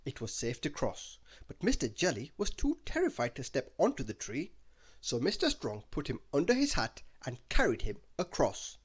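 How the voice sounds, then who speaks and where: A man's voice: mid-range voice, huge pitch swings, normal speed, slightly rough. Man reading a bedtime story, sing-song. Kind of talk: bedtime story read-aloud.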